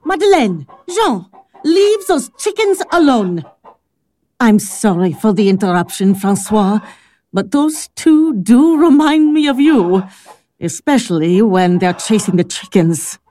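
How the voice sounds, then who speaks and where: An actress playing a gentle, affectionate middle-aged mother in a radio drama. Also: medium pitch, animated, a little slow, close to an everyday voice.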